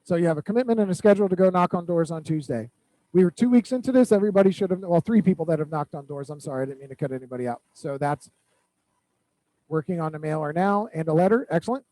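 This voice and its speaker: High-voiced man coaching his sales team. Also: fast, dry recording, low-quality recording. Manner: direct, repetitive instructions with animated storytelling. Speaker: real estate team coach. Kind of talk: weekly accountability meeting.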